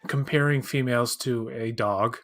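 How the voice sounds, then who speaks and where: A man's voice: mid-range voice, normal speed, fairly bright tone. Rambling man chatting. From Canada. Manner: rambling, many restarts and fillers, acts out quoted voices. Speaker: watch-along co-host. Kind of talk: casual chat.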